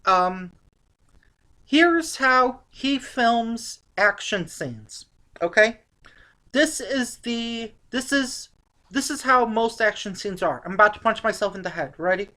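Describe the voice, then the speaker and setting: A woman's voice: a little high, animated, takes it slowly, pushed and bright. A woman reviewing an old movie in casual chat, sarcastic and exasperated.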